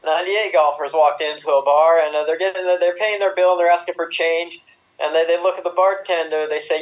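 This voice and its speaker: A man playing an improv game, telling quick golf joke setups with small restarts before the punchline. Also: on the high side, fairly even intonation. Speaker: improv player. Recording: distant, dull-sounding mic.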